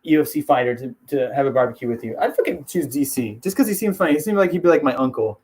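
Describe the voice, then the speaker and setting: A man hosting a fight-sports video, chatting casually in a rambling way, laughing often and dropping into quick impressions. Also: medium pitch, animated, darkish tone, breathy edge. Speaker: MMA video host.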